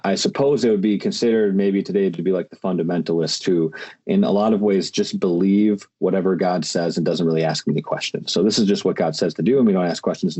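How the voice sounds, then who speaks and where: A podcast host chats casually, rambling with lots of restarts and fillers. His voice is low-pitched, dark in tone, and husky.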